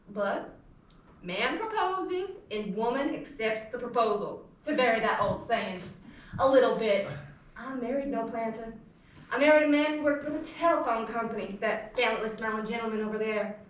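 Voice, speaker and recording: A woman's voice: a little high, a bit bright, natural voice. A young woman acting a middle-aged Southern belle mother who chatters in a flowery, gushing way, recorded from far off in an echoey room. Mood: fussing. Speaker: student actor. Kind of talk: stage play scene.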